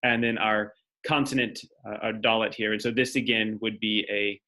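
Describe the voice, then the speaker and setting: A man with a fairly low pitch and a sharp tone lectures at a moderate pace, keeping his intonation fairly even. He's a teacher explaining a classroom lesson step by step, thinking aloud as he writes on the board.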